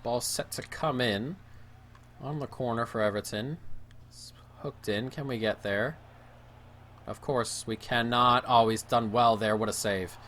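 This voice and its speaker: A man giving live play-by-play of his own football video game match, moving between excited shouts at goals and low, gloomy muttering at mistakes. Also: unhurried, pauses often, a little hiss or hum. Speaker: gaming YouTuber.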